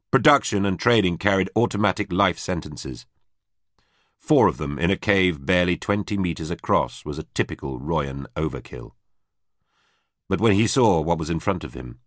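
A man narrating a science fiction audiobook in a steady, measured reading. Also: low-pitched, no echo, clean studio sound. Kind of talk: scripted narration.

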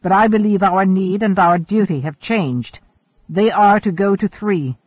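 A stubborn, commanding starship captain, read by a man. The voice sits high and comes through a narrow, phone-like band. The room is dry. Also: measured pace, no echo. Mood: determined.

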